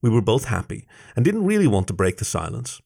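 A man reading a first-person story aloud with expressive narration. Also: on the low side, brisk, creaky, breathy edge.

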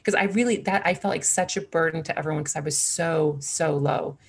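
A woman in her forties with a low voice and a gravelly, creaky edge. She is a guest in a conversation, telling her own story candidly and earnestly. She circles back, restarts sentences and fills pauses as she goes. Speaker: interview guest.

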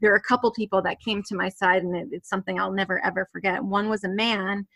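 A woman's voice: mid-range voice, fairly even intonation, fast talker, vocal fry, bright, forceful tone. A woman guest telling a personal story in conversation, rambling with many fillers and restarts and nervous laughs. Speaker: interview guest.

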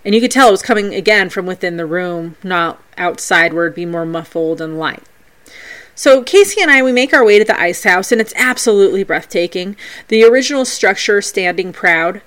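A woman's voice: mid-range voice, brisk. A woman hosting a podcast, telling the stories of her paranormal investigations in a scripted but playful way. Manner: storytelling paranormal investigation accounts, animated and playful. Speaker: podcast host.

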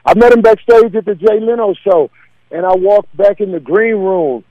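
A man's voice: high voice, moderate pace, no room sound, lo-fi sound. A man, a comedian, talking casually in an interview, confident and laid-back as he tells stories. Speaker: comedian guest.

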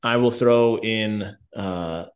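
A man from Colorado hosting a podcast interview, talking in a relaxed, halting way with many fillers. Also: lowish voice. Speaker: podcast host. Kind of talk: casual interview chat.

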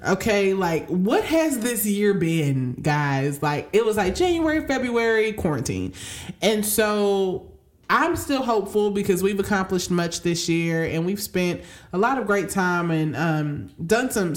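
This is a young woman co-hosting a podcast in loose, casual chat. Her voice sits on the lower side, and she talks playfully and often turns to speak straight to her listeners. She draws out her words for effect. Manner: playful, drawn-out, addresses listeners directly. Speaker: podcast co-host.

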